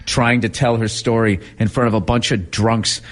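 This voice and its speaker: A man's voice: on the low side, moderate pace. Profane, laughing man telling stories. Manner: profane, animated, laughing storyteller. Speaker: comedian guest. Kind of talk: casual interview storytelling.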